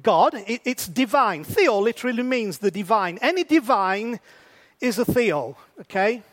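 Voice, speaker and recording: High-voiced man preaching a sermon. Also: expressive, unhurried, a bit bright. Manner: conversational, asks rhetorical questions.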